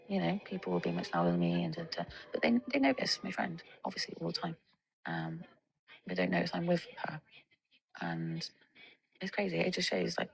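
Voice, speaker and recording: Gravelly woman, blunt storyteller. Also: low voice, rough recording. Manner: rambling, blunt, swears freely. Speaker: vlogger. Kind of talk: candid storytime monologue.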